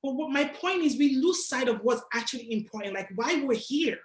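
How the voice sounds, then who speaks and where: Young woman, from Nigeria, casual motivational talk, slangy, direct, fairly high voice, echoey room. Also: a little fast. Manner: casual, animated, slangy, direct address to audience. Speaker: guest speaker.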